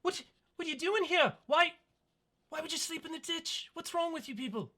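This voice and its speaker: A game master voicing small, nosy elven children who fire off questions in a shrill, high voice. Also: lively intonation, moderate pace, sharp tone, full character voice.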